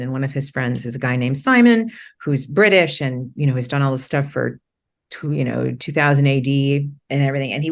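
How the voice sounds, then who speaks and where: Low-voiced woman telling stories, full of restarts. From Maine. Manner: rambling, many restarts and "like" fillers, laughs easily. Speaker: podcast guest. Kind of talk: candid conversational storytelling.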